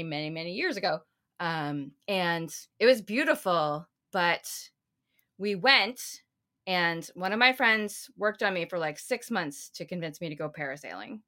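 A talkative woman tells rambling stories as a podcast co-host. Her pitch swings widely as she talks, and her voice has a bright, sharp edge. She keeps the chat casual and full of tangents. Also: expressive, normal speed. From United States. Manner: chatty, rambling storyteller.

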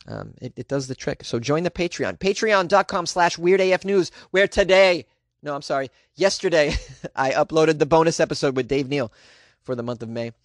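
A man hosting a solo podcast from a small closet, rambling and self-mocking, overly caffeinated, with sudden jumps in pitch. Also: gravelly, no echo, studio quality. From Boston area. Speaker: podcast host.

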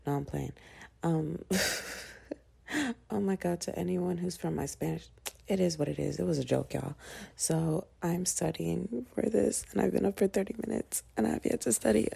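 A woman's voice: sits low, creaky, slightly rough, rough recording. A young woman vlogging casually, chatty and slangy, venting in a dramatic, exasperated way. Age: young adult. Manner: dramatic, swings into loud exasperated ranting. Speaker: vlogger and podcaster. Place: indoors, not on a mic.

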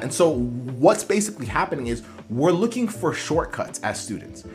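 A man's voice: a little high, big pitch swings, moderate pace, hardly any pauses, faint music behind. A man coaching students applying to physical therapy school, talking earnestly with many fillers and restarts. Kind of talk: motivational coaching talk.

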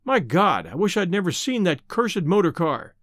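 A man voicing a hunted, hungry man putting on a surly, whining tramp act, talking roughly. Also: sits high, very animated, normal speed, fairly bright tone, dry recording, clean studio sound, full character voice.

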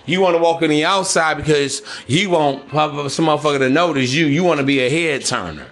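A man's voice: fairly high pitch, lively intonation, a little fast, a bit bright. A man hosting a podcast, giving a blunt, preachy monologue full of slang and mocking put-on voices. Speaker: podcast host. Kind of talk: casual monologue.

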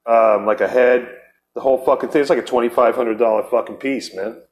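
A middle-aged man tells a long, swearing story as a podcast host. His voice sits at an ordinary pitch for a man. He rambles, stops and starts, and throws in bits of other people's voices as he goes. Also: steady tone, brisk, darkish tone. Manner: profane, rambling, acts out quoted voices. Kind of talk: casual storytelling chat.

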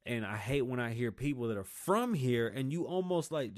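A man hosting a podcast, ranting in a profane, heated solo monologue, often mocking people in loud voices. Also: mid-range voice, lively intonation, moderate pace, few pauses, no echo, clean studio sound. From United States. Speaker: podcast host.

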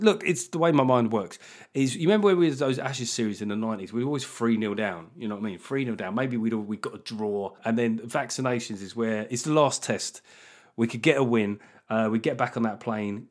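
A middle-aged man hosting a comedy podcast alone, talking in a sweary, self-mocking way with animated asides. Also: medium pitch. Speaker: podcast host. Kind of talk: solo comedy podcast monologue.

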